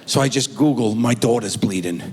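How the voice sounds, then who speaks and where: Speaking at a moderate pace with a medium-pitched voice, a middle-aged stand-up comic spins animated stories, doing voices for his kids. The sound is a theater recording with a long reverb from the hall.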